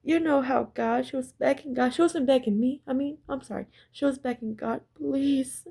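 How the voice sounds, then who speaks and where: A woman tells a story straight to her viewers in an intense, emphatic way, repeating herself and swearing. Her voice sits fairly high, with a gravelly fry and a husky edge. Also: fairly quick, warm tone. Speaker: spiritual storyteller. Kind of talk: casual story time monologue.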